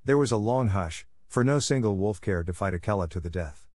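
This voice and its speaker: A man with a fairly low voice reads a classic story aloud in a measured, even manner. The sound is close and dry, with no room around it. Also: no room sound. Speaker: narrator. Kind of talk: audiobook reading.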